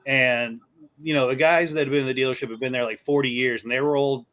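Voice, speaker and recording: A man telling lively stories in a casual chat and acting out the people in them. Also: medium pitch, fast. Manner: animated storyteller, acts out quoted voices. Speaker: co-host.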